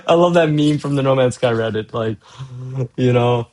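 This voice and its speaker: A man's voice: mid-range voice, lively intonation, normal speed, darkish tone. A middle-aged man ranting casually and profanely on his own show, rambling from gripe to gripe. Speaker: vlogger. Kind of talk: casual solo rant.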